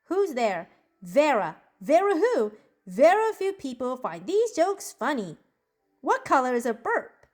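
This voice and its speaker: A woman's voice: high voice, big pitch swings, unhurried, a little mellow. A woman voicing a cheerful, bookish preteen girl in a journal-style character monologue, bubbly and giggly as she tells jokes. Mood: bubbly chatter. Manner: bubbly, giggly joke-telling.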